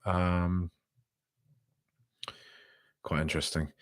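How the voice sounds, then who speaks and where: A man's voice: sits low, little pitch movement, drawn-out words, clean tone. A man hosting a live podcast, reacting casually and reading out chat messages, with lots of ums and restarts. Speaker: podcast host.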